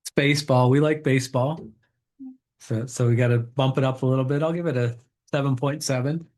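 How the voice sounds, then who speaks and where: A middle-aged man hosting a casual show and reading jokes aloud in a relaxed, upbeat way with some fillers. He sits a little away from the microphone. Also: medium pitch, fairly quick. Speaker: podcast host. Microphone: table mic set away from the speakers.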